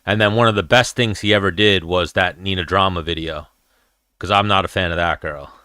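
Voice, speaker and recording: A man's voice: low voice, a little fast, pushed and bright, clear, resonant tone, dry recording, clean studio sound. A man hosting a casual livestream chat while watching fights, blunt, profane and rambling. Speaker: podcast host.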